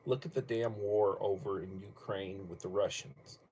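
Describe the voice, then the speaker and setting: A man's voice: fairly low pitch, steady tone, moderate pace, a little mellow, slight background noise. An older man hosting a casual livestream from home, rambling bluntly and cursing casually between topics. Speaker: livestream host.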